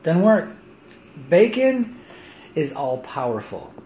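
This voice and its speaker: A chatty middle-aged man talking on a home livestream, with a voice that rises and falls a great deal and sits a little high. He is recorded on a phone in an echoey kitchen with a faint hiss underneath. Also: takes it slowly. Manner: chatty, lively, laughs often. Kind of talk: casual livestream chat.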